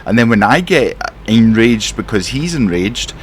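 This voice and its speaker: A man's voice: on the low side, big pitch swings, unhurried, slight background noise. A man with a Scottish accent giving rambling, exasperated in-character commentary while playing a trucking game. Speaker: simulation gamer playing a truck driver.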